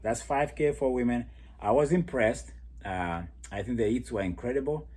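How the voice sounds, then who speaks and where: A man with a husky, slightly rough voice breaks down a track race in a loose, chatty way. He laughs often through his words and tells the story with lively energy. His pitch sits right in the middle of the range. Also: normal speed. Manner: laughs often while talking, animated storytelling. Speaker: athletics commentator. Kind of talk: casual race analysis monologue.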